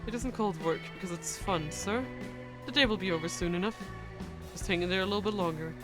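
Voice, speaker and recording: A woman's voice: fairly low pitch, fast talker, over music, lightly acted. A woman reading a kind, reassuring male cab driver. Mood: encouraging.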